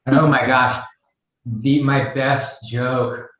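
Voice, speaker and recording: A man's voice: mid-range voice, steady tone, drawn-out words, fairly bright tone, slight background noise. A middle-aged man as an interview guest, chatting casually and rambling a little while he tells stories and a joke. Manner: chatty, rambling, telling a joke with acted bits. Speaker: guest, garden vice president. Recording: roomy, dull lo-fi sound.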